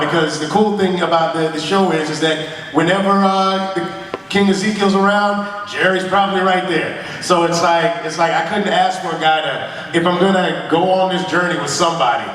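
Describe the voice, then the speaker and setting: A man's voice: high-pitched, a bit bright, recorded from a distance, a little hiss or hum. A man on a convention panel, telling stories casually and playfully to the audience and laughing often. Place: large convention hall. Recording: echoey hall, mic heard from afar.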